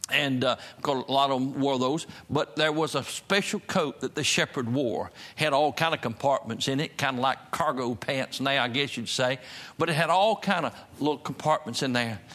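A man's voice: medium pitch, a bit bright. A man preaching in a church with a folksy, plain-spoken way of talking. His voice sits in a middle register, and he returns again and again to his refrains, swelling to emphatic peaks before easing back into conversational storytelling. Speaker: pastor. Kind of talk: sermon.

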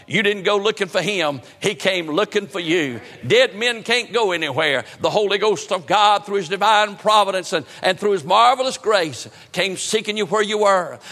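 A man's voice: high-pitched, bright, forceful tone, big-room sound. A man preaching a sermon with a fervent, repetitive cadence.

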